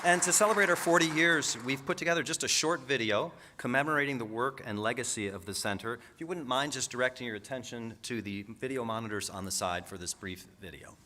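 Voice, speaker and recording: A man's voice: mid-range voice, fast, hardly any pauses, sharp tone, a faint crowd, slight background noise. A man hosting a banquet, speaking with enthusiasm and a few stumbles and restarts. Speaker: dinner host from the center. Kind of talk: event hosting remarks. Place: banquet hall.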